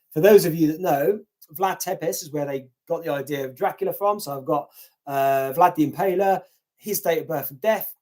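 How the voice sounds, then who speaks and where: A middle-aged man hosting a casual live stream, chatting and reading viewer comments out loud, humming fillers and swearing bluntly. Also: on the high side. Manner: chatty, meandering, hums fillers while reading. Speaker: YouTube channel host.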